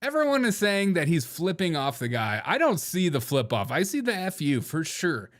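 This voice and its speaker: A man's voice: on the high side, wildly swooping pitch, moderate pace, a bit bright. A young man hosting a casual political commentary show, joking and laughing often, mocking people in put-on quotes. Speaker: show host.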